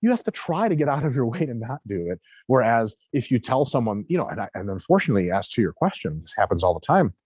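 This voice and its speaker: List: man, lively pitch swings, husky, dry close sound, blunt and emphatic. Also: quick pace, few pauses, no room sound. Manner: emphatic, blunt, swears freely. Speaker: guest coach. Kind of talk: casual interview talk.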